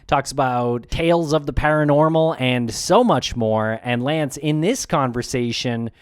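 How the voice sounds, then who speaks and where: A man hosting a podcast runs through the welcome and the plugs with friendly, brisk efficiency. His voice sits at an ordinary middle pitch. It is recorded dry and close, with no room sound. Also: clean tone, no echo. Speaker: podcast co-host. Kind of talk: casual podcast hosting and ad reads.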